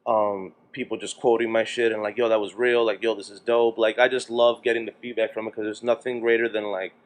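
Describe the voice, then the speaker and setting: A man from New Jersey talks fast as a podcast guest. He tells stories in a casual, rapid flow and acts out quoted exchanges in his own voice. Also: lowish voice, little pitch movement. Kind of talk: casual chat.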